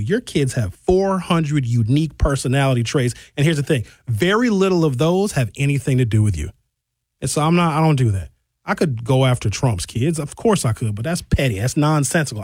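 A man's voice: mid-range voice, a little mellow, dry recording. A man hosting a radio talk show, reading listener texts aloud and answering them in a frank, conversational way from the studio. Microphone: studio microphone.

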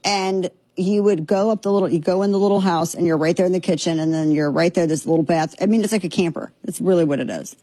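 A woman's voice: fairly low pitch, fast, hardly any pauses, mellow, no room sound. A woman hosting a commentary show, talking in an opinionated, sarcastic way and slipping into mocking impressions.

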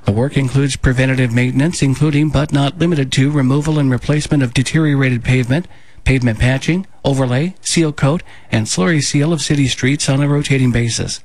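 A man in a radio studio reading local news bulletins in a steady, measured delivery. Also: mid-range voice, dry recording. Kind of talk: scripted local news read.

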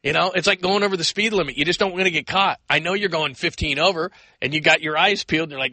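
An American man hosting a call-in sports radio show, talking in an energetic, rambling way and taking calls. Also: on the high side, fast, dry recording. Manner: energetic, rambling, acts out quoted voices.

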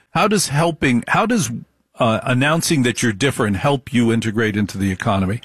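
A man holds forth in an emphatic storytelling monologue, hammering points home with repetition and rhetorical questions. His voice sits at an ordinary middle pitch. The recording is dry and close, with no room sound. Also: dry recording. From United States. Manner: emphatic, repeats phrases for effect, rhetorical questions. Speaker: speaker telling personal stories.

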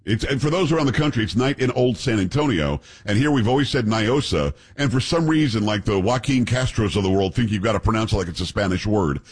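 A man hosting a radio talk show, telling stories in a lively casual way and slipping into voices. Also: fairly low pitch, quick pace, hardly any pauses, husky. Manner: animated storytelling, puts on voices in anecdotes.

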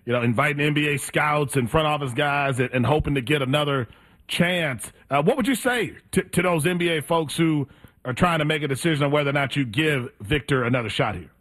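A man's voice: fairly high pitch, brisk, a bit bright. A man co-hosting a sports radio show, asking questions with some stammering restarts. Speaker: radio co-host. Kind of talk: sports radio interview and banter.

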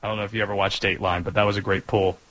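A man's voice: lowish voice, little pitch movement, rapid-fire, fairly bright tone, poor audio. A married man from North Carolina hosting a sports podcast, chatting casually with rambling joking asides.

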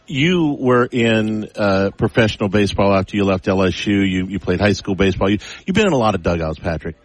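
A man's voice: lowish voice, animated, brisk. A man hosting a radio interview, asking long, winding questions. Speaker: radio host.

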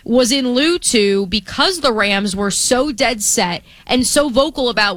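A woman's voice: sits high, animated, unhurried, fairly bright tone, no room sound. A woman co-hosting a sports radio show, chatting playfully and trying out accents. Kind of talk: casual sports radio banter.

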